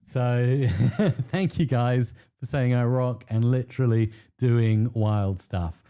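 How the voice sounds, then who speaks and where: A man hosting a live stream, chatting to viewers with bursts of excitement and frequent laughter. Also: slow, smooth. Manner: excitable, laughs often, pitch jumps when thrilled. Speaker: livestream host.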